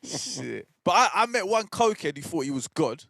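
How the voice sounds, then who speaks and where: A man, a podcast co-host in casual chat who chimes in with lots of quick yeahs. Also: high-pitched, big pitch swings, creaky, a bit bright, no room sound.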